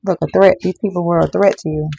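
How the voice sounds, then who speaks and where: A tarot reader talks straight to viewers in a casual card reading, repeating lines for emphasis and calling everyone y'all. The voice has a gravelly, rough edge. Its tone is warm and dark rather than bright. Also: medium pitch, fairly even intonation, fast.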